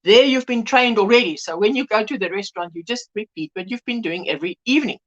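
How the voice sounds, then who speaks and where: A middle-aged woman hosting a casual livestream, chatting and reading out viewer comments as an animated storyteller who mimics voices and laughs often. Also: mid-range voice, quick pace, highs cut off. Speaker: livestream host.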